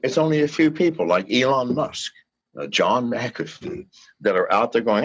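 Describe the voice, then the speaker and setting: A man's voice: mid-range voice, expressive, normal speed, breathy edge. An older man, a guest in an interview, ranting with fiery, profane pleas to his listeners in a dull lo-fi recording. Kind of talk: impassioned rant in an interview.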